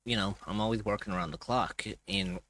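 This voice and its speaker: Tired, rambling man with a bright voice. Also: fairly low pitch, a little fast. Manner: rambling, loose, swears casually. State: tired and groggy. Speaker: streamer. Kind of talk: casual chat on a live stream.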